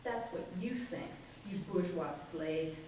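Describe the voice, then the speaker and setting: A woman's voice: fairly low pitch, lively intonation, takes it slowly, warm tone. Poet woman in an echoey hall. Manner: rambling, self-deprecating, laughs easily. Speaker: poet giving a reading. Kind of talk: poetry reading with chatty asides. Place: conference hall reading. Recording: echoey hall, distant mic, background noise.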